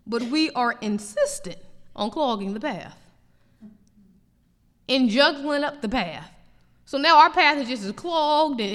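A woman preaches a sermon in a high, bright-toned voice that swings widely up and down. She talks to the congregation conversationally and slips into playful acted-out asides. Her voice rings with the long reverb of a large hall. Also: animated, measured pace, pauses often. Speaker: pastor, Bible teacher. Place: church sanctuary.

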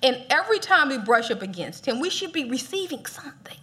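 Female preacher, high and very expressive, casual and funny. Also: fairly quick. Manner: animated, playful, laughs often. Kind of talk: casual sermon.

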